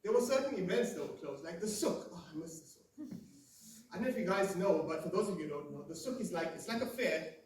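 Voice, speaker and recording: Doing his first stand-up set, a South African man in his twenties chats loosely with the crowd in a live comedy room. He has a high, animated, slightly mellow voice and talks fast, recorded in an echoey space with the mic a bit far away.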